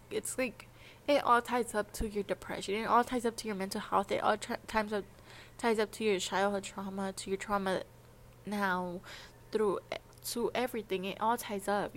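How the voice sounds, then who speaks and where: A woman's voice: mid-range voice, a little hiss or hum. A young adult woman talking in a casual, confessional vlog monologue, rambling and hesitant, with many "like" fillers. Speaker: vlogger.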